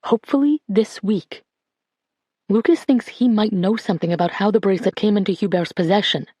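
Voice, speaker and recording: A woman's voice: mid-range voice, a little fast, slightly rough, no room sound, close to an everyday voice. A woman voicing a woman who whispers a reassuring promise during a funeral mass. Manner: hushed and reassuring.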